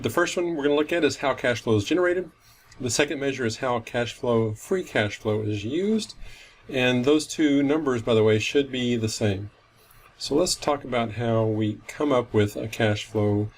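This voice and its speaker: A man's voice: medium pitch, a little hiss or hum. A man teaching finance in a recorded lecture, explaining step by step and often correcting himself mid-sentence. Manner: methodical, self-correcting explanation. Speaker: finance instructor.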